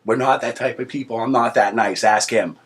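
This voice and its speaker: A man's voice: mid-range voice, fairly even intonation, brisk, fairly bright tone. A man co-hosting a casual chat show, talking loosely, joking, swearing and laughing often. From East Coast of the United States. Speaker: co-host.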